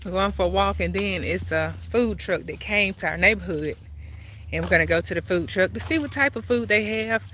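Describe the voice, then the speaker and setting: A woman's voice: mid-range voice, fairly quick, bright, forceful tone, slight background noise. A woman vlogging while walking outdoors, chatty and out of breath, recorded on a handheld camera. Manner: chatty, out of breath, sighing and laughing often. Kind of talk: casual walking vlog. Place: outdoors in a neighborhood street.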